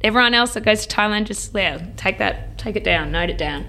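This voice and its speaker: A woman, telling a story in casual podcast chat, animated and swearing freely, acting out quotes in a higher voice. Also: a little fast. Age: late 20s.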